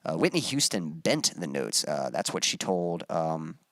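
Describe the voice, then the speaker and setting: A man's voice: rumbling low, sing-song, measured pace, fairly bright tone, no room sound, studio quality. A young adult man, a musician, chatting casually on a live stream, reading viewer comments and rambling with many fillers and restarts.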